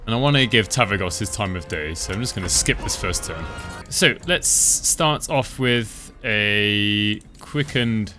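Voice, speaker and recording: A man giving relaxed, chatty commentary over his own gameplay, thinking aloud as he plays. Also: lowish voice, measured pace, music in the background. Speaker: gaming channel host.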